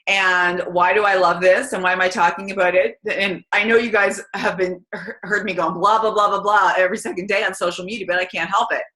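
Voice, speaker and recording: A chatty, energetic woman, giving a casual motivational talk to her team. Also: medium pitch, brisk, few pauses. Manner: chatty and energetic, many fillers. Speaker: team call speaker. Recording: roomy echo.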